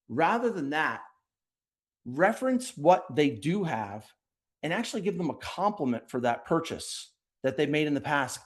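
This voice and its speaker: A man being interviewed on a podcast, speaking directly and energetically, often acting out quick bits of sales dialogue. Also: on the high side. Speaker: podcast guest, sales leader. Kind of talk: conversational interview.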